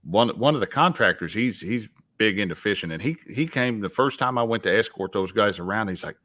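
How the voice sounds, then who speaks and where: Bright, chatty Southern man. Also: on the low side, lively intonation, brisk, no echo. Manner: chatty, rambling storytelling with restarts. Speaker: fishing livestream co-host. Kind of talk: casual livestream chat.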